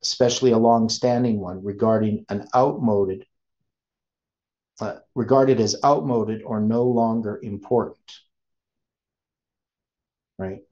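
A man giving an informal study lesson, thinking aloud with many pauses and restarts. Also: lowish voice, steady tone, dark tone. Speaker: teacher. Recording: dull lo-fi sound.

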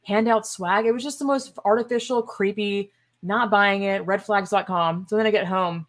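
A woman's voice: mid-range voice, fairly even intonation, normal speed. A woman hosting a podcast, delivering a casual commentary monologue in a sarcastic, exasperated and emphatic way, with scoffing asides. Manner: opinionated and emphatic. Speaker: podcast host.

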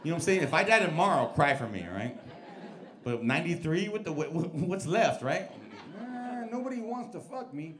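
A man doing a stand-up set in a comedy club, telling stories loudly and profanely with lots of crowd work and put-on voices. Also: on the high side, a little fast. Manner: loud, profane, animated storytelling with put-on voices. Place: comedy club stage with live audience. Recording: live club recording with crowd noise.

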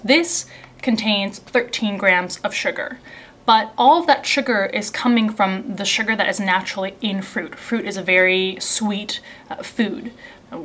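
Chatty young woman reviewing snacks. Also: medium pitch. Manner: chatty, reads ingredient lists aloud, drops into soft asides. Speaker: beauty and subscription box vlogger. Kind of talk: casual unboxing and tasting review.

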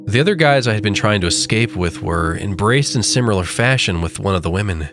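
A man narrating a first-person horror story with a dramatic, drawn-out delivery. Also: lowish voice, expressive. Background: faint music.

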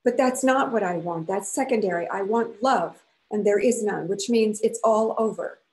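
A woman's voice: mid-range voice, expressive, brisk, darkish tone, close to an everyday voice, poor audio. A woman reading aloud the part of a jealous, desperate young noblewoman, voice raised and accusing. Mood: heated, accusing.

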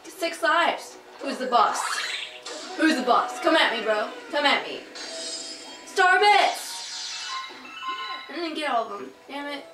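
A young woman doing casual, excitable commentary over her own gameplay, swearing and rambling. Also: high voice, moderate pace, distant mic. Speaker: let's play gamer. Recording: roomy, off-mic, with game music. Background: video game music.

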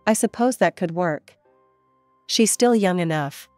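A woman's voice: fairly low pitch, animated, unhurried, a little mellow, no echo, soft background music. A woman narrator voicing a selfish mother with forced cheerfulness. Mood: falsely sweet. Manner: falsely cheerful. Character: self-absorbed mother with fake sweetness.

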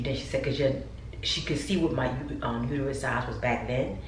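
A woman's voice: rumbling low, fairly quick. A woman vlogging from home, chatting casually and talking straight to her viewers. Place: upstairs room at home. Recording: roomy echo, mic at a distance, faint background noise.

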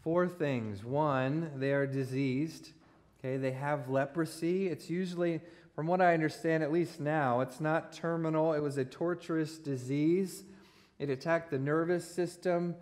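Man preaching with a joking, warm storytelling manner. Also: fairly high pitch, unhurried. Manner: storytelling with self-deprecating humor, laughing at own jokes. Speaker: pastor. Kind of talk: sermon. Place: church sanctuary.

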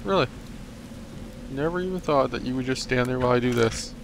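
A man's voice: medium pitch, a little fast. A young man commenting on his game as a let's play host, joking and rambling and talking back at the enemies. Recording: noisy home recording.

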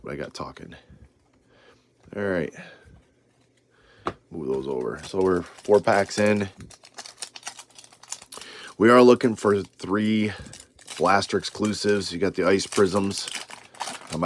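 A man's voice: sits low, slight background noise. A man hosting a casual card-opening video, reading off names with rambling asides. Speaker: trading card channel host.

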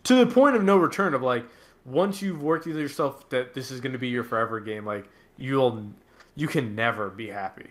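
A man co-hosting a casual podcast chat, telling stories in a rambling, animated way. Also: medium pitch, normal speed. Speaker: podcast co-host.

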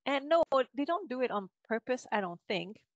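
A woman's voice: fairly high pitch, very animated, normal speed, darkish tone, no echo, dull audio. A woman from Canada with a Quebec French accent, speaking English as a second language as a guest linguist in a podcast interview, thoughtful and laughing often, with many fillers and restarts.

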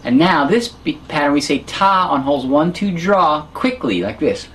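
A woman's voice: sits low, lively intonation, moderate pace, heavy background noise. A woman teaching harmonica in an online lesson, patiently explaining and counting beats aloud.

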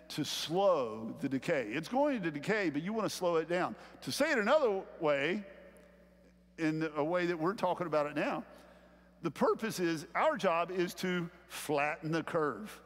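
A man with a Southern US accent preaches in a relaxed, conversational way and drags out the phrases he wants to land. His voice sits high for a man. The sound carries the long reverb of a large church sanctuary. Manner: conversational preaching, slowing down to stress key phrases. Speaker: pastor. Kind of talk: sermon.

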